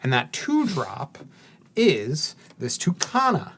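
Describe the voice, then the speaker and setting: A man co-hosting a stream, thinking aloud as he plays a card game and narrating each move deliberately in casual chat. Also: fairly high pitch, huge pitch swings, a bit bright. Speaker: co-host and card game player.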